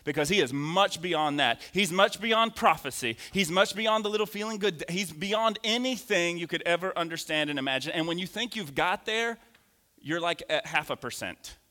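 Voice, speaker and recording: A man in his thirties preaching a lively sermon in a church, animated and joking with the congregation. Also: high-pitched, moderate pace. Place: church sanctuary. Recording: long hall reverb.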